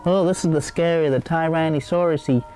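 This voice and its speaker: A man's voice: fairly high pitch, steady tone, brisk, dark tone, soft background music. A man hosting a comedic cooking show, rambling and digressing with many hesitations.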